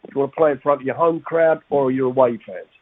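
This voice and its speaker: Man, quick talker, husky voice, thin phone-like sound. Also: mid-range voice. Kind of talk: casual chat. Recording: tinny phone-like audio, dry.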